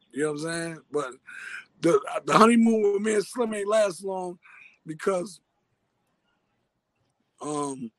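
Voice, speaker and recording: Man, New York accent, high register, dry close sound; rambling slang storyteller. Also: a bit bright, no echo, rough recording. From Harlem, New York. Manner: street slang, loose rambling narration. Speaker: interviewee. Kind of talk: casual storytelling.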